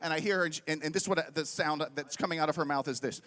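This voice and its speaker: High-voiced man preaching animatedly. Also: fast talker. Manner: animated, conversational, keeps asking "right?". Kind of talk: sermon with storytelling.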